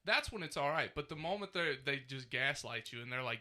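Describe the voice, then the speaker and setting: A man in his thirties co-hosts a casual comedy podcast, ranting in an animated, profane way with plenty of swearing. His voice sits at a medium pitch and moves fairly quickly.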